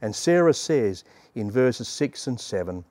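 A man preaching an earnest sermon at a measured pace, pausing for effect and dropping to a hushed near-whisper to make a point. His voice sits at an ordinary middle pitch and sounds dry and close, with no room around it. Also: sing-song, no room sound. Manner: earnest, dramatic pauses, soft hushed dips.

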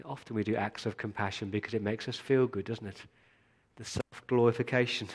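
A man's voice: lowish voice, fairly even intonation, a little fast. A male pastor giving a sermon, speaking earnestly and appealing directly to his congregation.

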